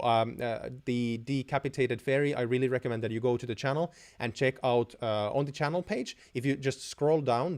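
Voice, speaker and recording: A man's voice: medium pitch, a little mellow. A young man from Finland hosting a live stream and answering viewer questions in a chatty way, with many restarts and fillers.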